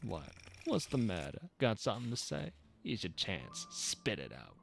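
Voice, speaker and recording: A man's voice: lowish voice, wildly swooping pitch, moderate pace, gravelly, faint music behind, exaggerated voice. A man voicing an arrogant, rude male regular of a drinks lounge who bosses the server around with scorn. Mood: scornful. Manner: bossy, scornful, demanding.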